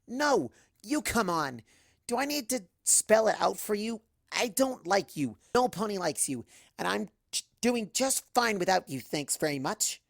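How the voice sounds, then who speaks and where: A man doing a giddy high unicorn girl. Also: normal speed, vocal fry, dry recording, studio quality. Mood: stern. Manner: gushing, bouncy and excitable. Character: giddy young female unicorn scholar. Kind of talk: fanfic audiobook reading.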